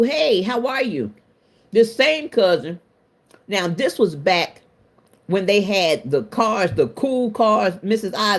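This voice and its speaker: A middle-aged woman hosting a livestream, telling a story to her chat in a colloquial, self-mocking way with frequent laughs. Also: medium pitch. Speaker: livestream host. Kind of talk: casual storytelling to a live chat.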